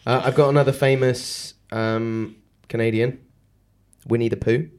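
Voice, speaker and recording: A man's voice: medium pitch, steady tone, unhurried. A man hosting a casual podcast chat, joking and reading off a list. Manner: laid-back, joking, reads off a list. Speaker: podcast host.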